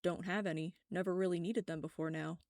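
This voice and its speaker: A woman voicing a gentle young male vampire, quiet and strained, in a storybook reading. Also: fairly low pitch, steady tone, a little fast, dry recording, studio quality, natural voice. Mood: calm.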